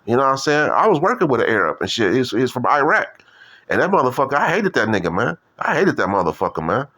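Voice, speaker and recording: A man rambles on in a loose, profane monologue. He leans on street slang, repeats himself and keeps circling back. His voice sits at an ordinary middle pitch for a man. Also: sing-song, quick pace, sharp tone. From Detroit. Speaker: video commentator.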